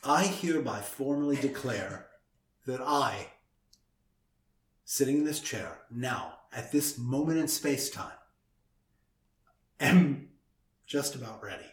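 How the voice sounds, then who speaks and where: A man hosting a casual chat at a table, teasing his co-host and stalling with slow breathing exercises. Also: mid-range voice, expressive, distant mic. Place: indoors at a table. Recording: roomy echo.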